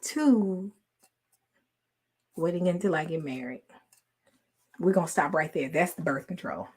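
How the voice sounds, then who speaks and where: Woman in her 40s, casual storytelling, slow, lively pitch, laughs a lot. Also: breathy edge. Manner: animated, laughing often, big swings from loud to hushed. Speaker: online host talking to followers.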